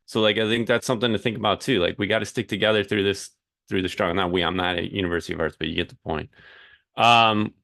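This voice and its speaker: A man with a very deep, gravelly voice moderates an online teach-in. He speaks casually and encouragingly to participants. The sound is dry. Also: fairly even intonation, fast talker, fairly bright tone, no room sound.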